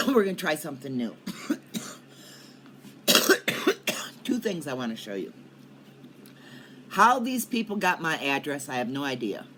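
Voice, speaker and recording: Her voice sits low and sing-song with a sharp tone, unhurried and full of pauses, over slight background noise. This older woman, a cannabis vlogger, chats casually to her viewers from her Colorado home, rambling and coughing often.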